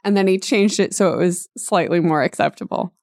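A woman co-hosting a casual chat, animated and sarcastic, often laughing and reading passages aloud. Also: fairly low pitch, brisk, no room sound, studio quality. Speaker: podcast co-host.

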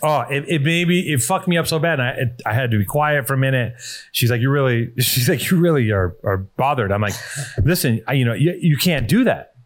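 A man's voice: medium pitch, animated, a little fast. A man hosting a podcast, telling a rambling, profane story in casual chat and reading an ad. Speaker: podcast host.

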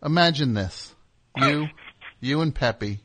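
A man's voice: medium pitch, animated, takes it slowly, fairly bright tone, a little hiss or hum. A man hosting a call-in comedy show, rambling and teasing with stammered restarts. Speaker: radio show host. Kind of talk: casual comedic chat.

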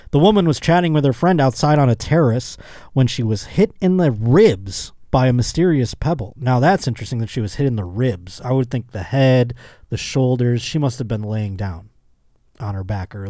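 A man's voice: medium pitch, warm tone, dry recording, studio quality. A man hosting a comedy podcast, reading a news story aloud and riffing on it with jokes and laughter. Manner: joking, riffs on the article, laughs often. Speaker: podcast host.

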